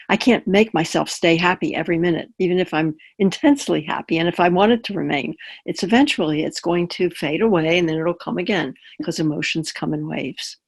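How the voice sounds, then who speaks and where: A woman chaplain teaching in an easy, conversational tone over a webinar. She draws on personal examples and keeps checking in with quick questions to her audience. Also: lowish voice, breathy edge. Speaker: palliative care chaplain. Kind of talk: webinar talk.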